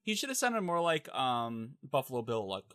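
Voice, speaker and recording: A young man with a bright, forceful voice talks through a movie in casual podcast chat. He is animated and slips into quick impressions of characters. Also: medium pitch. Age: young adult. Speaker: podcast co-host.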